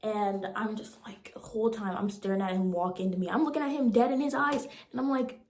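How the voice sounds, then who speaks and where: Animated, slangy young woman telling a story. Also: medium pitch, fairly quick. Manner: animated and slangy, acting out the voices. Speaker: vlogger. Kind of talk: storytime vlog. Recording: roomy echo.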